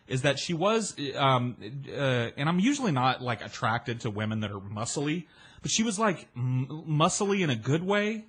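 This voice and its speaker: Casual male storyteller, animated, acts out quoted voices, mid-pitched. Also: breathy edge. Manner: swears freely, chatty and self-mocking.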